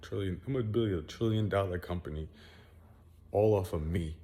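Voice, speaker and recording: A man's voice: low voice, normal speed, dark tone. A young man venting at home to his followers in a rambling, boastful, profane monologue. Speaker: vlogger.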